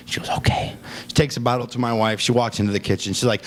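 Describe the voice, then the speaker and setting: A man's voice: medium pitch, fairly even intonation, fast. A man doing a stand-up comedy set, who keeps breaking into laughter at his own jokes. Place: comedy club stage. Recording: noisy club recording.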